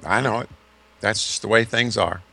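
A burly jailer answers in short, blunt, matter-of-fact lines, as a male preacher acts him out. The voice is gravelly and bright, only slightly raised. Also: on the low side, moderate pace, no room sound, exaggerated voice. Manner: blunt, plain-spoken.

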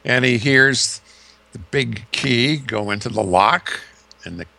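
A man's voice: mid-range voice, slow, vocal fry, sharp tone, dry recording. A man preaching a sermon, retelling a story vividly with dramatic shifts in emphasis.

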